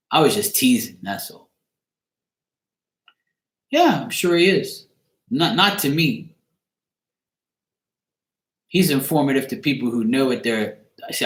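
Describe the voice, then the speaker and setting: A man's voice: mid-range voice, a bit bright. Male channel host, loose rambling banter with a joking, cussing edge, in a roomy echo. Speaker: card reader and channel host. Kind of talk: casual livestream chat.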